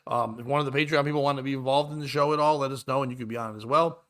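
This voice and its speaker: A man's voice: mid-range voice, fairly even intonation, very fast, fairly bright tone. A man hosting a casual comedy morning show, telling rambling stories full of stammers and restarts. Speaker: podcast host.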